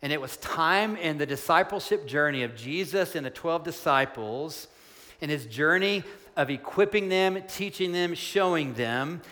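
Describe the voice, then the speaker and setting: A middle-aged male pastor preaching a sermon, earnestly, slowing down for emphasis and speeding up in excited asides. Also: a little high. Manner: earnest, shifts between soft slow emphasis and quick excited asides. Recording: long hall reverb.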